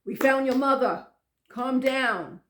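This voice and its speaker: A woman voicing a polite male official on the phone, formal and calming, in an echoey room. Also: sits high, slow, a little hiss or hum.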